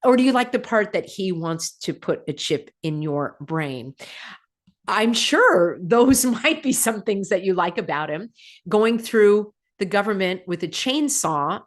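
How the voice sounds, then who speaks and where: A woman in a medium pitch talks straight to her viewers in a casual commentary vlog. She is sarcastic and keeps throwing out rhetorical questions with little laughs. Her voice jumps up when she mocks something. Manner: animated, pitch jumping up on mocking remarks. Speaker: channel host.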